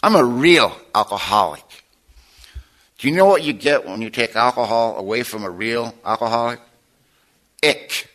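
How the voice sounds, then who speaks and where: A man sharing his life story at a recovery meeting, a streetwise, slangy storyteller with rough, self-mocking humor. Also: medium pitch, animated, normal speed, pauses often, fairly bright tone. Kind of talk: personal testimony to an audience.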